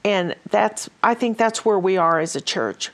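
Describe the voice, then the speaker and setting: A woman's voice: medium pitch, expressive, a little slow. A woman hosting a ministry talk show, telling stories in a casual way with many fillers and restarts. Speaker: host.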